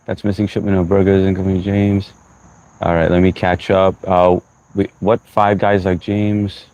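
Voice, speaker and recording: A man's voice: sits low, flat delivery, moderate pace, darkish tone, dull audio. A young man from the US hosting a casual livestream, greeting viewers by name, mixing in Hindi phrases and sounding short on sleep. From United States. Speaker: livestream host.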